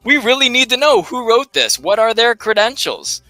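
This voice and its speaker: A man's voice: very high-pitched, big pitch swings, normal speed, bright, forceful tone, dry recording, faint music behind. A man co-hosting a live library research show, talking casually and animatedly, throwing rhetorical questions and jokes at the audience. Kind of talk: casual live instructional chat.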